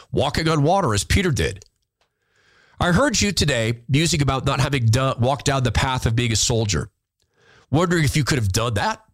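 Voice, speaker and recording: A man hosting a podcast, reading listener letters aloud and answering them in an earnest, openly emotional way, sometimes halting and repeating words when moved. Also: medium pitch, no room sound. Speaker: podcast host.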